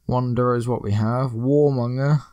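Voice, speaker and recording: A man's voice: mid-range voice, steady tone, normal speed, dark tone, no echo, studio quality. A man hosting a let's play, giving rambling, joking gameplay commentary full of puns. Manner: rambling, joking, pun-loving.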